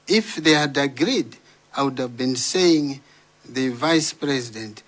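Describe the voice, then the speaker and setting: A man giving formal testimony to a parliamentary committee, halting and careful with many pauses. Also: medium pitch, fairly bright tone. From Malawi. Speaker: witness before a parliamentary committee.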